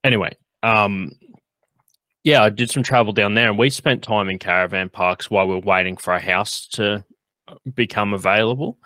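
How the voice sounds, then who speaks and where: Aussie guy hosting a podcast, low voice, bright and punchy, dry sound, lots of ums and likes. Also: steady tone, normal speed, no echo. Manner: rambling, lots of fillers, laughs often. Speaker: podcast host. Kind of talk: casual chat.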